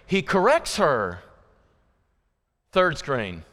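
Man, preacher, high-pitched voice, conversational sermon, long church reverb. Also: animated, moderate pace, fairly bright tone. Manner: conversational, folksy preaching with asides to the congregation. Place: church sanctuary.

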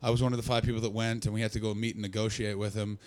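A man impersonating a pompous older male ex-diplomat, blunt and dismissive, in a low lofty voice. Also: level tone, rapid-fire, clean tone, natural voice.

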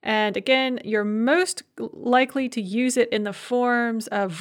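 A woman teaching a language grammar lesson, explaining verb forms in a clear, methodical way and slowing down to spell out each form. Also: on the high side, steady tone. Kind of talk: recorded grammar lecture.

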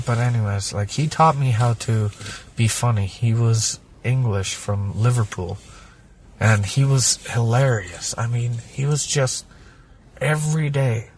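A man's voice: medium pitch, unhurried, darkish tone, a little hiss or hum. A man originally from Germany, talking casually as a podcast guest, rambling and swearing through a personal story.

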